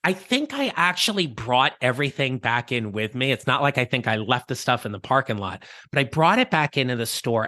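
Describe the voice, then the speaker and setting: A podcast host and career coach tells a story from his own life in an easy, reflective, conversational monologue with small restarts. His medium-pitched voice is bright and forward, and the close mic sounds dry, with no room around it.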